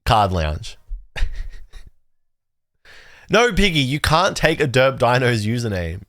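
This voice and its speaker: A man hosting a livestream, chatting casually with his viewers in a rambling, excitable way and swearing freely. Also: medium pitch, unhurried, pauses often, dry recording, clean studio sound. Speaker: livestream host. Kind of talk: casual chat reacting to chat.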